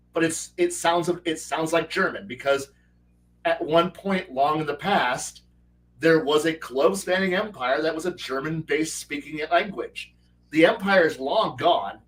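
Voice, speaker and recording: A man hosts a loose online chat about running his game world, slipping into little character voices as he tells it. His voice sits a bit high for a man. He stammers and restarts, and sounds a touch distant from his microphone. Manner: animated storyteller who acts out quoted characters. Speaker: host and game master. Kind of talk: casual livestream chat. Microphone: online call mic. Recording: voice distant from the mic.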